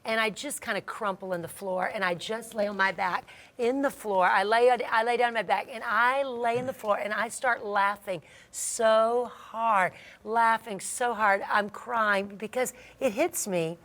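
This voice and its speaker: Lively middle-aged woman telling a story. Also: a little high, unhurried. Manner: lively storyteller acting out quoted voices, laughs often. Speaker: Christian marriage talk host. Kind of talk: animated storytelling chat.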